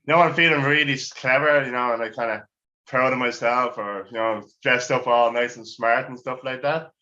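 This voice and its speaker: A man's voice: mid-range voice, a little fast, pushed and bright, highs cut off. A middle-aged man doing a crude, rambling, self-mocking stand-up routine. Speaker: stand-up comedian.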